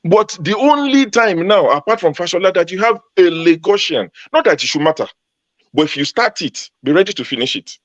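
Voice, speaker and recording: A man's voice: sits high, very animated, a little fast, no room sound. A man from Ogun State in Nigeria, a panel guest arguing emphatically in a heated debate and repeating his points for force. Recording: dull lo-fi sound.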